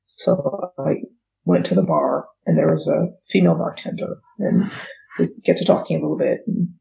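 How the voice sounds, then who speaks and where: A woman from the United States, a guest author telling a personal story in a lively way and laughing often. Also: low-pitched, normal speed, creaky, muffled recording. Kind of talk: casual storytelling.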